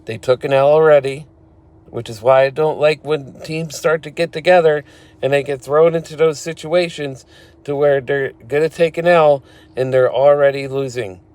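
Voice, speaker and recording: A man's voice: fairly high pitch, fairly even intonation, moderate pace, a little mellow. Blunt casual wrestling recap guy. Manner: blunt and opinionated, swears, laughs at his own retellings. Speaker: wrestling show host.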